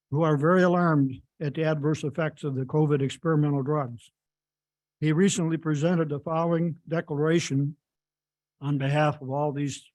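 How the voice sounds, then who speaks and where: A man's voice: a little high, darkish tone. Emphatic man reading a public comment. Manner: emphatic, reads from a script with small stumbles. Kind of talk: prepared public comment read aloud. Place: public meeting room.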